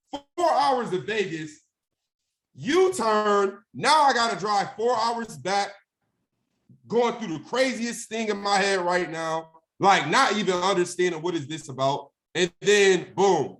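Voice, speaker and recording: A man's voice: high voice, lively intonation, takes it slowly, a bit bright. A young man telling a personal story in a casual, conversational way, often asking "right?" and acting out phone calls. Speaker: guest speaker.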